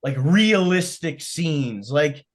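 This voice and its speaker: Chatty man with a fairly high voice. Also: animated, takes it slowly. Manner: rambling, many fillers and restarts. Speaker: podcast host. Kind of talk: casual film discussion.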